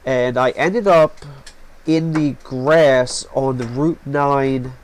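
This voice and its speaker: Slowly and with many fillers, a vlog host gives rambling, chatty narration of his footage in a medium-pitched voice. The rough recording was made on a home setup in a small hot room, and a running fan adds faint noise.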